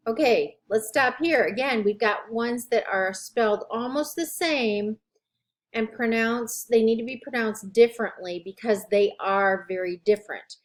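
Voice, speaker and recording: In this recorded lecture, a woman instructor with a fairly high pitch enunciates slowly and deliberately, drawing out every term.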